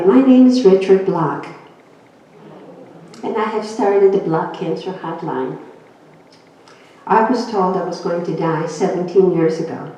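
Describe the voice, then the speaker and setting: Older woman speaker telling a story, mellow low voice, picked up from afar in an echoey hall. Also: measured pace, long pauses, slight background noise. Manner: storytelling, acting out quoted voices. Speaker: guest speaker. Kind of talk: personal testimony talk. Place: church hall. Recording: echoey, distant, dull hall recording.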